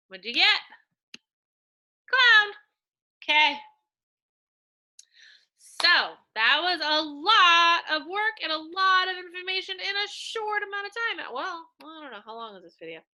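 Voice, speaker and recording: A woman teacher giving a slow, coaxing reading lesson to young children, sounding out words in a sing-song way. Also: very high-pitched, expressive, bright, forceful tone.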